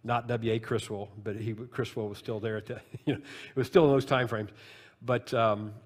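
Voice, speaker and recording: A man in his sixties preaching a sermon, talking with the congregation in a conversational way and swinging between loud, high emphasis and quiet, low asides. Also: steady tone, moderate pace, big-room sound. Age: 60s. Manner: conversational preaching with wide swings in pitch and loudness. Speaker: pastor.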